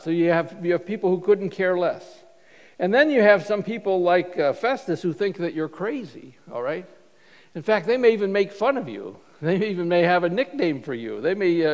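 Male pastor, high voice, loose stop-start sermon delivery, reverberant hall sound. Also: a little mellow, muffled recording. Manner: informal, halting delivery with frequent restarts. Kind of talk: conversational sermon.

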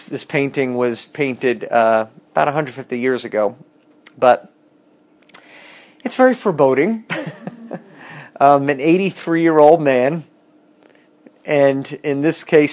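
A man's voice: medium pitch, darkish tone. A man teaching a casual bible class, reading scripture aloud and adding wry, chatty asides.

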